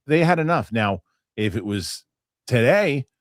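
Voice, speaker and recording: A man's voice: mid-range voice, big pitch swings, a little slow, no echo, clean studio sound. A middle-aged man hosting a casual chat show, rambling with restarts and acting out other people's lines. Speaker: host.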